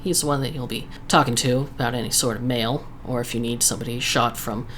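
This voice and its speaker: A woman voicing a tough, wry woman sheriff who speaks briskly in a frontier drawl for a tabletop game. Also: extremely low pitch, steady tone, a bit bright, slight background noise.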